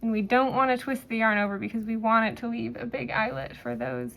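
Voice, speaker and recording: A woman teaching a knitting pattern step by step, talking in a relaxed way with fillers and pauses as she works. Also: fairly high pitch, gravelly. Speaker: knitting instructor. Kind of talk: step-by-step craft tutorial.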